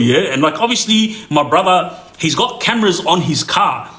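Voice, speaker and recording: Aussie guy telling a story, lots of ums, kinda high pitched, echoey room. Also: animated, brisk, few pauses, fairly bright tone. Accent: Australian. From Australia. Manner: rambling with many fillers and restarts. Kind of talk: casual storytelling to viewers.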